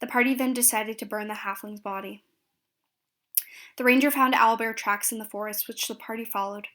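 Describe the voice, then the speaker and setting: A woman's voice: fairly high pitch, fairly even intonation, brisk, sharp tone. A woman narrating a recap of a tabletop fantasy game, reading steadily with small slips and restarts.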